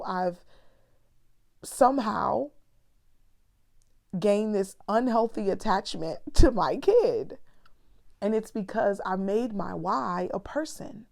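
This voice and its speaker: A woman's voice: medium pitch, creaky, darkish tone. A woman and mother speaking candidly and earnestly in a personal reflective talk to her viewers. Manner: candid, earnest, conversational, sprinkled with "honey" and "girl". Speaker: vlogger.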